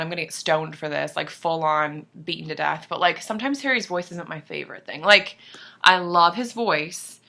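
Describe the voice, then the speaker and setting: Gushing young woman, bright voice. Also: fairly low pitch. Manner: gushing and excitable, swearing, sudden soft whispers and squeals. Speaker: vlogger. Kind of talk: casual chat to camera.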